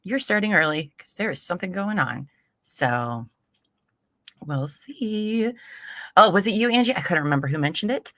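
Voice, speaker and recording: A woman's voice: on the low side, animated, moderate pace, a bit bright, no echo, clean studio sound. A young woman hosting a casual livestream, chatty and giggly as she greets viewers. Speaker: livestream host.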